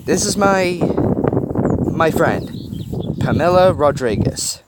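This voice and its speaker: Man doing easygoing young man, friendly, amused, storybook, loud outdoor noise. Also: on the high side, animated, takes it slowly, voice pushed up.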